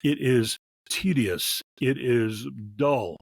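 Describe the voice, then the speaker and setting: A man co-hosting a casual movie review chat, animated and laughing as he acts out scenes. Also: mid-range voice, takes it slowly, no echo. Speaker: film critic co-host.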